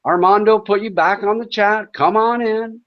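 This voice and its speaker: A man with a high, steady voice at a moderate pace hosts a livestream from his home in Thailand, ranting at chat trolls in a profane, taunting, sarcastic way. The stream audio is dull and lo-fi.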